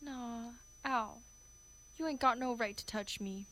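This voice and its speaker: A woman's voice: a little high, slow, a bit bright. A woman reading the part of a defiant young flower girl with a Cockney accent, indignant and protesting. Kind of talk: amateur play reading.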